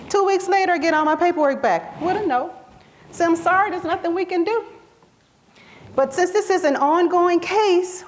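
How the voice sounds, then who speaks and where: A woman giving a speech about her own life, acting out the voices of the people in her story. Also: on the high side. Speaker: survivor sharing her story. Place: event hall.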